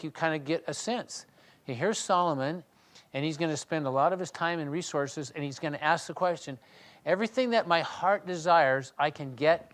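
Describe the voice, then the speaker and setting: A man with a slightly higher voice than most leads a small Bible study. He reads scripture aloud and then talks it over in a loose, conversational way. He thinks aloud, restarts his sentences and often clears his throat. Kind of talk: reading scripture and discussing it in a small group.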